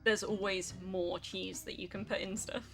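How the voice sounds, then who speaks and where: A woman's voice: mid-range voice, level tone, normal speed, vocal fry, a bit bright, faint music behind. A young woman streaming a game, chatting casually and rambling through stream chat with lots of fillers.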